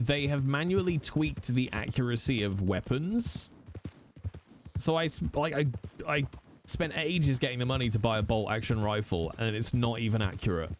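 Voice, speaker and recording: A man's voice: medium pitch, slight background noise. A man streaming a role-play game, chatting casually with his viewers in a playful, rambling way and humming little tunes between remarks. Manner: playful, rambling, hums little tunes, jokes about accents. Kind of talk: casual gaming chat with viewers.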